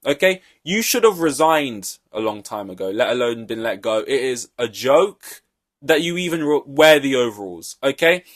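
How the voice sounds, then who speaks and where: Profane ranting podcast host. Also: male voice, a little high. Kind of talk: solo podcast rant.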